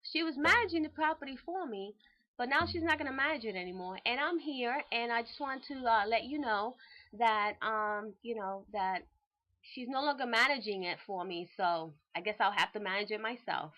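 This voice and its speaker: A woman voicing a puzzled middle-aged male property owner who explains himself haltingly. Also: on the high side, lightly acted. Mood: explaining. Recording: dull lo-fi recording.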